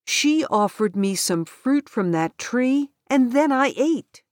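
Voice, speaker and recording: Woman doing a scared young-ish first man, stammering, a bit higher and louder, slow reading. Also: expressive, no room sound, studio quality. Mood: fearful. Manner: fearful and stammering.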